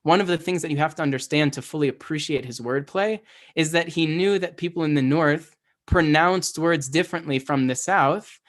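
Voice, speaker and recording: A man's voice: on the high side, moderate pace. A man giving a casual, conversational Hebrew lesson, often checking in with "right?" and restarting his sentences. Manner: conversational, self-correcting, asks "right?" often. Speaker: Hebrew teacher. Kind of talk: casual lecture.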